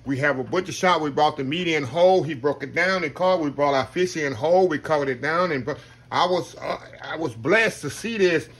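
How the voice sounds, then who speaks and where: Talking fairly quickly in a slightly high, fairly bright voice, a man cooks at home and chats casually with viewers. He's a folksy home cook who addresses his audience as "y'all" throughout the cooking video.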